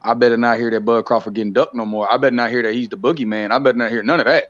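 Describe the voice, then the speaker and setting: A man talking fast and heatedly on a live stream, ranting and mocking with quick impressions. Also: mid-range voice, steady tone, dry recording, lo-fi sound. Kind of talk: heated casual talk.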